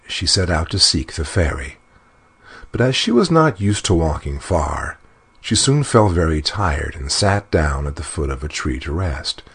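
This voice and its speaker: A man reading a fairy tale aloud in an expressive, unhurried storybook narration. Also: rumbling low, slightly rough.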